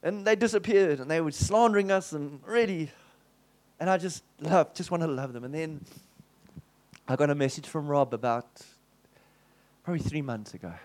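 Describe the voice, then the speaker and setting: A male pastor telling a story in a sermon, animated and acting out the dialogue. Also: fairly high pitch, normal speed, long pauses.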